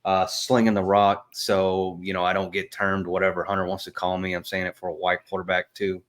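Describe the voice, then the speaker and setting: A man's voice: low-pitched, completely flat delivery, brisk, fairly bright tone. A man, co-hosting a casual sports podcast, blunt and trash-talking with lots of fillers. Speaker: podcast co-host.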